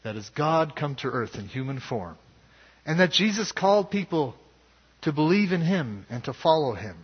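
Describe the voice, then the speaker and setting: A man preaching a sermon as pastor, in a measured and earnest way. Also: a little high, sing-song, breathy edge. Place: church sanctuary. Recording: dull lo-fi sound with long hall reverb.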